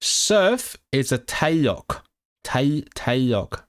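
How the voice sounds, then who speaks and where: A man's voice: medium pitch, big pitch swings, drawn-out words. A man on a casual livestream, thinking aloud as he studies and sounds out and repeats new words. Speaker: language-learning streamer. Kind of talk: casual livestream study session.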